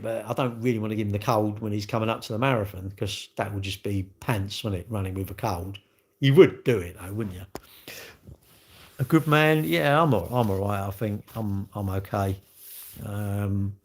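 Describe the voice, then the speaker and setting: A British man in his fifties, a used car dealer, rambling bluntly and swearing in a casual live-stream chat. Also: lowish voice.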